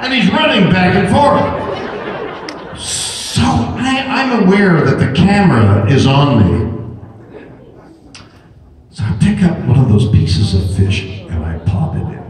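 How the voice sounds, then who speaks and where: An older man tells a rambling, jokey anecdote to a convention audience, stumbling over restarts. His pitch swoops widely as he builds up to the punchlines. The sound is distant and booming, as if caught from the back of a large hall. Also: measured pace, long pauses, background noise. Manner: animated, repetitive restarts, jokey. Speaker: convention panel guest. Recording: echoey hall recorded from far back.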